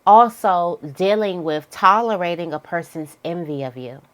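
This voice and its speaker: Chatty tarot reader woman, low voice. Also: animated, moderate pace. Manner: chatty, candid, breaks into high-pitched quoted voices. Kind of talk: casual tarot reading monologue.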